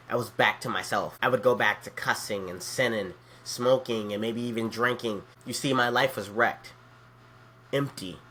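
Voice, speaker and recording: A man's voice: mid-range voice, pushed and bright, a little hiss or hum. A young man in his twenties, a youth pastor, telling his personal faith testimony in an earnest, heartfelt way. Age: 20s.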